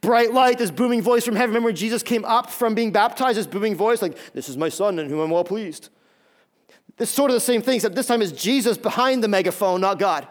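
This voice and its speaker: High-voiced emphatic preacher man. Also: fast, few pauses. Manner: emphatic, repeats words when starting phrases. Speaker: pastor. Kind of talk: sermon.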